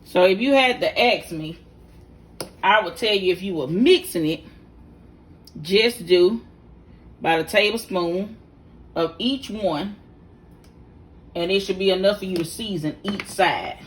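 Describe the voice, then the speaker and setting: A middle-aged vlog host cooks a home recipe in her kitchen, talking in a mid-range voice at a measured pace with long pauses. She's chatty and folksy, explaining as she goes and speaking straight to the camera's viewers.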